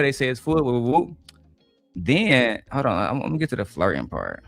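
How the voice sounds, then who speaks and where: A man streaming live, telling stories in a profane, boastful, animated way. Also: mid-range voice, fairly quick, gravelly, faint music behind. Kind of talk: livestream rant.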